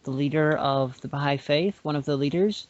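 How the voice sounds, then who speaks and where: A woman co-hosting a podcast, speaking in a halting, stammering way in casual chat. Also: low voice, a little mellow. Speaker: podcast co-host. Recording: dry, dull lo-fi audio.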